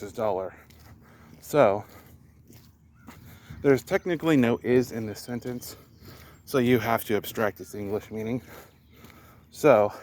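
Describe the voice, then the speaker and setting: A man's voice: on the low side, a little hiss or hum. A man vlogging outdoors on a path, explaining foreign phrases in a casual, hesitant way and sounding out words with care. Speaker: vlogger learning a language. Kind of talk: casual explanation while walking.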